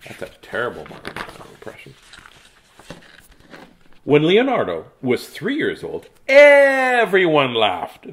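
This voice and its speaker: A man's voice: mid-range voice, sing-song, a little slow, fairly bright tone, slight background noise. A middle-aged man casually reading children's books aloud, with jokey asides between pages. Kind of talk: casual read-aloud to a live chat.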